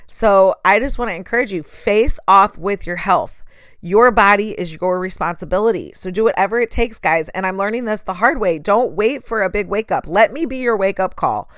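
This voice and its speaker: A woman's voice: fairly low pitch, clear, resonant tone, no room sound, studio quality. A woman hosting a motivational talk, speaking straight to her listeners and acting out voices in quoted asides. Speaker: podcast host.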